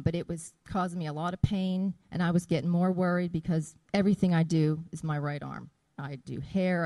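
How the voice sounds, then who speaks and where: A middle-aged woman giving an earnest testimony about her healing, reading scripture slowly and deliberately. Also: lowish voice, warm tone, no room sound. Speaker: church member giving a testimony.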